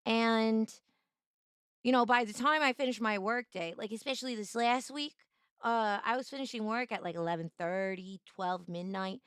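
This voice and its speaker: A woman's voice: a little high, normal speed, fairly bright tone, clean tone, no room sound, clean studio sound. A woman streamer chatting casually on a live stream, greeting viewers by name in a bubbly, playful way.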